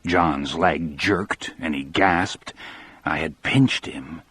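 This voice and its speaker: A man narrating an audiobook in the first person, with measured storytelling. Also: very deep voice, fairly bright tone, husky, no room sound.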